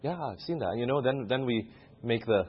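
A male preacher delivers a sermon and keeps drawing the congregation in with questions. His voice is slightly husky and rises and falls a lot. The recording is muffled and lo-fi. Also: mid-range voice, lively intonation, fairly quick.

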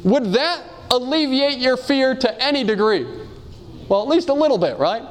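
A man with an unusually high-pitched voice delivers a sermon. He talks earnestly, asks his listeners question after question, reads quotations aloud and drifts into personal stories. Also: lively intonation, normal speed. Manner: earnest, asks the audience many rhetorical questions. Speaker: preacher.

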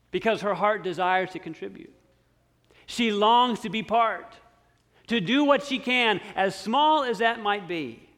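A man preaching a sermon, slow and emphatic, dropping to near-quiet on key words. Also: sits high. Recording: long hall reverb.

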